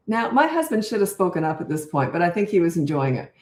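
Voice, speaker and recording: Heard in a room with noticeable echo, a woman with a fairly low pitch talks fast and very animatedly. In her sixties and Canadian, she works as a parenting coach, fielding viewer questions in easygoing chat and slipping off topic into long stories punctuated by laughter.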